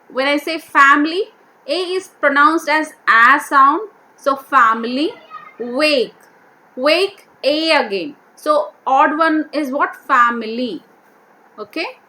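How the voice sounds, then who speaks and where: A woman teacher going through a vocabulary worksheet, repeating each word and slowly sounding out its syllables. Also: sits high, pushed and bright. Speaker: English teacher.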